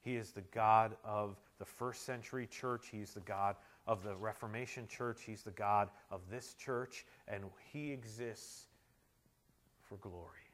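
A male pastor preaching a sermon, moving between loud emphatic climaxes and quiet, intimate stretches. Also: fairly low pitch, steady tone, unhurried. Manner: tells humorous anecdotes, shouting quoted amens.

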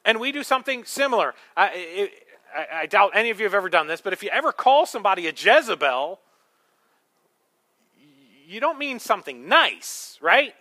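A man's voice: high-pitched, very animated, normal speed, pushed and bright. A male pastor preaching a sermon, emphatic, with rhetorical questions and humorous asides.

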